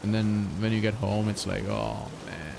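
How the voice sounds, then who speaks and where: A man's voice: on the low side, monotone, brisk, creaky. A man in his twenties chatting casually while speedrunning a game, laughing often and swearing freely. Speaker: streamer. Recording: noisy background.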